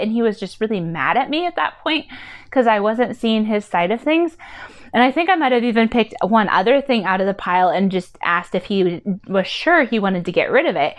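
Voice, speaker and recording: A woman with a medium-pitched, animated voice talks a little fast in a casual personal vlog about decluttering as a mother. She's chatty and rambling, full of "like" and "um," and comes across earnest and heartfelt.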